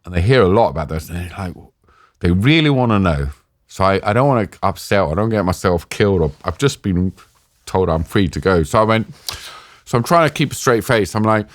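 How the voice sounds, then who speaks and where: A middle-aged man, telling an animated story as an interview guest and acting out the voices in it with big pitch jumps. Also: a little fast, no echo, clean studio sound. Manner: lively, acts out dialogue with pitch jumps, laughs while telling.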